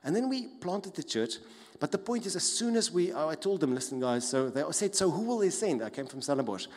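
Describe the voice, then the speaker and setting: A man preaching a sermon as pastor, animated, acting out mocking voices with big swings in loudness. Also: fairly high pitch, a little fast. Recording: long reverb of a large hall.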